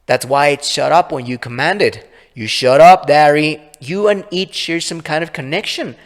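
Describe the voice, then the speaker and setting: A man's voice: fairly high pitch, lively intonation, moderate pace, a bit bright, voice pushed up. A man voicing an anxious young man who speaks urgently and insistently, with a long reverb on the recording.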